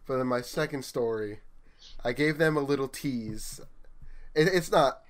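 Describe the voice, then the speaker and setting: A young store manager with an unhurried, medium-pitched voice shares work stories in a casual chat. He's an animated storyteller who acts out what people said to him.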